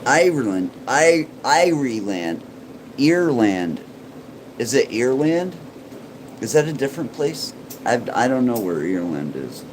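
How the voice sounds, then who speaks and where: A man's voice: medium pitch, sing-song, moderate pace, a little hiss or hum, poor audio. A man who is a paranormal YouTuber, joking and rambling in casual vlog chat.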